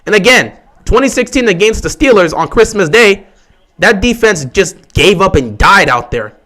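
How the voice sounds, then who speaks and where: A man's voice: high-pitched, lively intonation, moderate pace, pushed and bright. Emphatic, opinionated man hosting a sports livestream. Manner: reads and answers viewer questions. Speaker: livestream host. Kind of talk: casual sports fan livestream chat.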